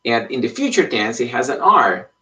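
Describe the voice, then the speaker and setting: A man's voice: medium pitch, big pitch swings, normal speed, sharp tone. A man teaching an online Spanish lesson in English, explaining patiently and checking in with frequent "okay?". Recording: voice somewhat far from the mic.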